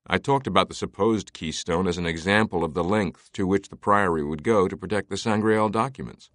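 A man voicing a guarded male academic with a measured, explanatory manner. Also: deep voice, fairly bright tone, no room sound, studio quality.

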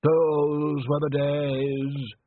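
An actor voicing an elderly opera man who reminisces slowly and sighs for the past. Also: a little high, breathy edge, dry recording, voice pushed up. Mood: wistful. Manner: slow, sighing, reminiscing. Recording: tinny phone-like, dry.

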